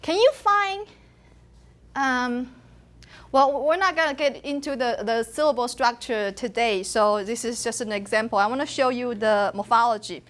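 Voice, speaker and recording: Female linguistics lecturer, high voice, animated anecdotal classroom style. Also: moderate pace. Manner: animated storyteller, laughs often.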